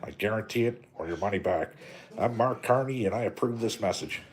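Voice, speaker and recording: A man impersonating a smug male politician making a crude campaign pitch. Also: expressive, brisk, natural voice. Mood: mocking. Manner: crude, mocking campaign-ad delivery.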